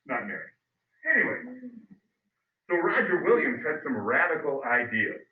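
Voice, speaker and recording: A middle-aged male history teacher telling a story to his class, animated and acting out voices. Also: medium pitch, normal speed. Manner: animated, acts out voices, loud bursts. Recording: phone-like, echoey, distant mic.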